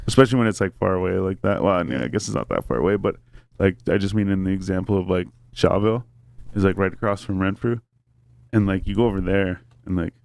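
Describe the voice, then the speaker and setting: A man's voice: low voice, quick pace, vocal fry, a little mellow, no echo. A man telling a long story in casual podcast chat, rambling and swearing, with many fillers.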